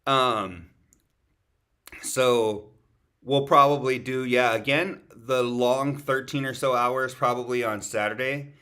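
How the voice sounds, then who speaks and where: A man in a loose, profane podcast chat, full of slang and calling people "dog" as he rambles. His pitch sits in an ordinary middle range for a man. He streams from the road, away from home. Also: fairly even intonation, slow pace, pushed and bright, clear, resonant tone. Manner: slangy, swears a lot, calls people "dog". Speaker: podcast co-host. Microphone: streaming setup.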